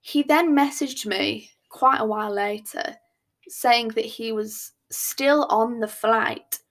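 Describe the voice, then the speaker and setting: A woman, hosting a podcast and telling a story in a chatty, expressive, self-mocking way. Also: on the high side, takes it slowly. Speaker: podcast host. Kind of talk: casual storytime chat.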